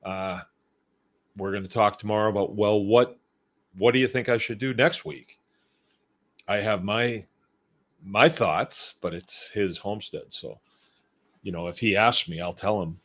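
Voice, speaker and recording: A middle-aged man hosting a homesteading show, talking in a relaxed, rambling, conversational way as he reads out and answers listener comments. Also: fairly low pitch, measured pace, pauses often. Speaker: homestead podcast host. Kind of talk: casual live-show talk reading listener comments.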